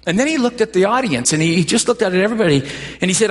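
A man's voice: sits high, lively intonation, fast talker, breathy edge, in a large hall. A male pastor preaching a sermon in a chatty storytelling way, often restarting his phrases. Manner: conversational storytelling with repeated restarts.

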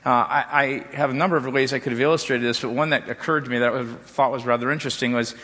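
Middle-aged pastor in a reverberant hall. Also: male voice, medium pitch, fairly even intonation, fast, fairly bright tone, slightly rough. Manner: storytelling with many restarts and repeated "and". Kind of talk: sermon.

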